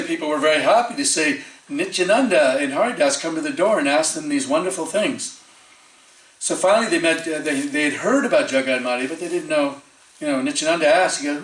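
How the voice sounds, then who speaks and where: A man giving a storytelling sermon as a preacher, lively, acting out the quoted voices of the people in his story and chuckling often. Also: mid-range voice. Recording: echoey temple hall from far off.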